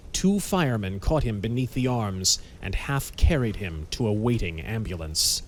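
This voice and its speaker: A man narrates a pulp adventure audiobook in a low, measured voice. He tells the story with steady dramatic weight. A faint hiss sits under the recording.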